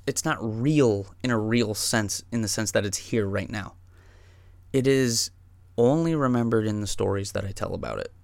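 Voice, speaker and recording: A man's voice: medium pitch, creaky, dry recording. A man hosting a podcast, telling a personal story in a casual, profane and emphatic way. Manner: profane, emphatic, says "dude" and "man" a lot. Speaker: podcast host.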